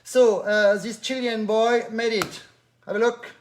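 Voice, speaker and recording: A man with a French accent and a fairly high voice teaches accordion on a live stream. He talks in an animated, hands-on way, pointing things out as he demonstrates and slipping French words into his English. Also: unhurried, slight background noise. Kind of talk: live-stream music lesson.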